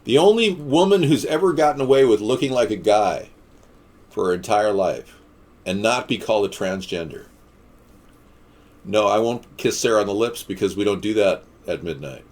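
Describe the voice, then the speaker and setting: A man hosting a casual live stream, answering viewer comments in a rambling, deadpan-joking way with quips and rants. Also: fairly low pitch, moderate pace. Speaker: livestream host.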